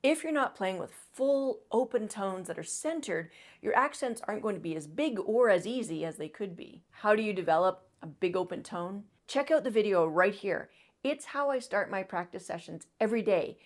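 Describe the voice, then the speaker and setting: A woman's voice: mid-range voice, animated, moderate pace. Woman coaching trumpet technique. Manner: encouraging, demonstrative, coaching with breath cues. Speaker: trumpet teacher. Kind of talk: instructional video talk.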